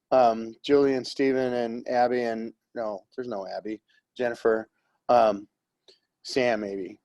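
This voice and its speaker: A man's voice: medium pitch, a little mellow. Rambling male art teacher lecturing. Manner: rambling, conversational, jokey. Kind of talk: classroom art history lecture. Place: classroom.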